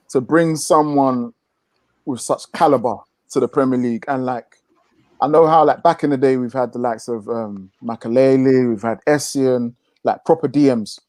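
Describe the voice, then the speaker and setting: A man on a remote podcast call, giving measured, enthusiastic football analysis. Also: mid-range voice, a little mellow, no room sound. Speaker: podcast panelist. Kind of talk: casual football podcast chat.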